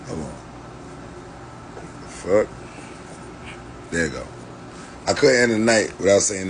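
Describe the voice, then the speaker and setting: A man's voice: low-pitched, lively intonation, takes it slowly, long pauses, noisy background. A man delivering a blunt, scornful rant to the camera, full of swearing. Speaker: commentator on legal rights.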